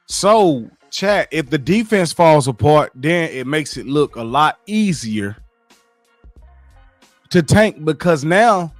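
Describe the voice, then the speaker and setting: A man rants to his live chat about football, profane and animated, and he keeps repeating his points. His voice sits a little high and is heard dry and close to the mic. Faint music plays under him. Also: slow pace, dry recording. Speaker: sports commentary streamer. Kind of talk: casual sports rant to live chat.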